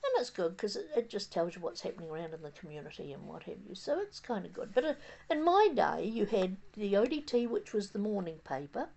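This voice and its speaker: A woman's voice: mid-range voice, big pitch swings, creaky, darkish tone. Rambling older New Zealand woman. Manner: rambling, halting, many fillers and restarts. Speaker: vlogger. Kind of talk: casual reminiscing monologue. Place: outdoors on a windy day.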